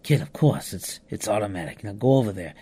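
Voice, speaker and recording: A man voicing a calm, gruff middle-aged male mobster with a New York accent who gives curt, unhurried orders. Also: on the low side, no echo.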